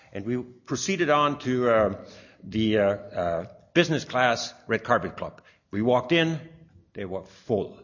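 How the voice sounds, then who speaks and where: This is a rambling personal testimony from an older man whose mid-range voice has a fairly bright tone. Captured in dull lo-fi sound, his anecdotes are full of fillers and restarts.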